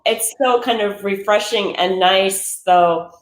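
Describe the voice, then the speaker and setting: A woman's voice: mid-range voice, takes it slowly. A woman guest on a podcast, a bookseller, talking thoughtfully about a book with lots of "kind of" and "like". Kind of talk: casual book discussion. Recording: roomy echo.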